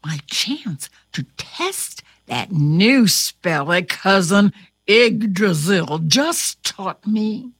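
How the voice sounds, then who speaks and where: A woman's voice: mid-range voice, animated, very slow, fairly bright tone, slightly rough, dry recording, voice pushed down, heavily acted. Woman doing a snickering old witch. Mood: gleeful scheming. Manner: snickering, whispering spells, wheezing. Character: mischievous old female forest witch.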